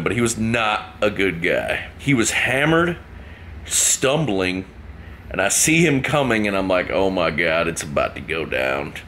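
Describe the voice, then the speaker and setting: A man's voice: on the low side, a bit bright, a little hiss or hum. A man casually telling a rambling, joking story to camera. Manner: rambling, joking, laughs at himself. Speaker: vlogger.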